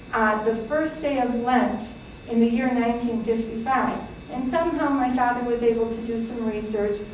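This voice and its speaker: A woman's voice: a little high, a little hiss or hum. A woman in her sixties, born in Greece, giving a chatty talk to an audience, with many fillers and laughs. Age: 60s. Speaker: presenter. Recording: echoey hall from far off.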